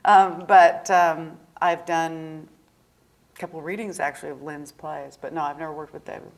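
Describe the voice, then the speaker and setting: A guest actress from the northern United States answers audience questions in a chatty, anecdotal way, animated, laughing often and acting out quoted voices. She has a deep voice and speaks at a moderate pace.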